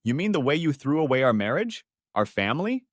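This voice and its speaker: A man's voice: mid-range voice, big pitch swings, fairly quick, no echo, studio quality, voice pushed up. A man voicing a cold, caustic husband confronting his cheating wife. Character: cold, angry betrayed husband, middle-aged man.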